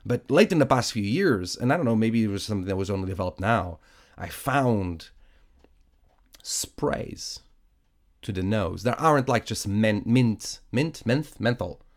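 A man's voice: on the low side, expressive, unhurried. Stuffy-nosed man chatting on his podcast. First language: Portuguese. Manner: rambling, self-correcting, chatty with frequent fillers. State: stuffy nose from sinusitis. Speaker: podcast host. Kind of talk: casual solo podcast chat. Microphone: studio podcast microphone.

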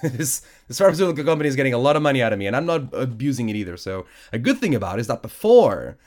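A man's voice: medium pitch, sing-song, racing, a little mellow. A man whose first language is Portuguese, hosting a solo podcast in a casual, rambling chat with a stuffy nose from sinusitis. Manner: rambling, self-correcting, chatty with frequent fillers. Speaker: podcast host. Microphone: studio podcast microphone.

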